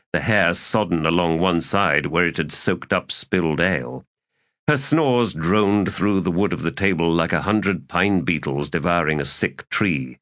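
A man narrating an audiobook in a slow, expressive reading. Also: low voice, no echo, clean studio sound. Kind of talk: scripted narration.

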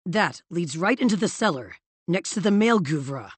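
A woman voicing a husky, wry male villain. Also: lowish voice, lively intonation, moderate pace, dry recording. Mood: urgent commanding. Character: sardonic male villain, dry-witted and commanding. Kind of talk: audiobook character voice.

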